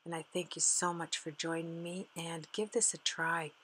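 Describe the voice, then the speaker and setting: A woman talks through a card-making demonstration in a casual, chatty way as she works. Her voice sits low and stays fairly even in pitch. A faint hum runs under the recording. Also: moderate pace, rough recording. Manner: chatty, fond of her materials, talks while working. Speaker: card-making tutorial host. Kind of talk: casual craft demonstration narration.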